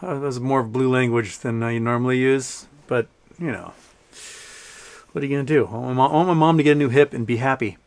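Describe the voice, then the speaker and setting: A man's voice: medium pitch, fast, darkish tone. A middle-aged man hosting a casual live stream from home, rambling and reading chat aloud with frequent laughs. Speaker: livestream host.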